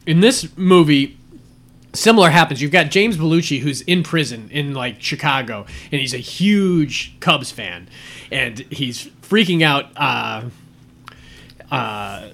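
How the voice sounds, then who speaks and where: Bright-voiced man chatting animatedly. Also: on the high side, takes it slowly, vocal fry. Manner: animated retelling with quoted movie lines. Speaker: podcast host. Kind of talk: casual chat about movies.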